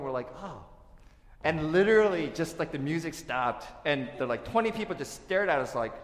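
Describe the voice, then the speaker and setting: A man preaching a sermon as pastor, telling stories and acting out quotes in a lively way. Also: mid-range voice. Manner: storytelling, lively asides and acted-out quotes. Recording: echoey hall.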